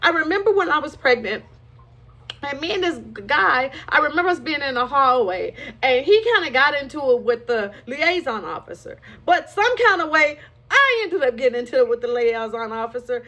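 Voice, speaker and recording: A woman's voice: high voice, sing-song, normal speed, bright, forceful tone. A woman frankly and emotionally telling her own life story, with rueful laughs along the way. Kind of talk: candid personal testimony.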